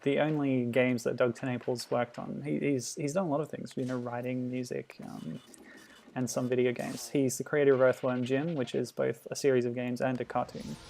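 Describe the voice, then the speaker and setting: A man streaming a game, chatting in a relaxed, amused way and answering chat comments. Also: mid-range voice, moderate pace, gravelly. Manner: chatty, amused, laughs often, reacts to the game. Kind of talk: casual gameplay commentary.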